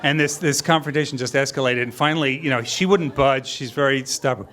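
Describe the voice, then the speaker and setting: A middle-aged man telling a true story live on stage, wry and halting, often chuckling as he goes. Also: mid-range voice, a bit bright, a little hiss or hum.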